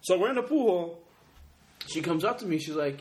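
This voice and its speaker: A man hosting a casual podcast, trading crude jokes and quick asides. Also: high-pitched, animated, noisy background. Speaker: podcast host. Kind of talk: casual chat.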